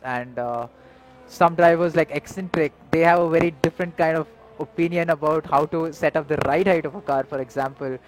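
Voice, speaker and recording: A man chimes in as a guest to explain racing car setups, hesitant and polite, with many ums and restarts. His voice sits a little higher than most men's. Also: low-quality recording. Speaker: guest driver. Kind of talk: casual explanation.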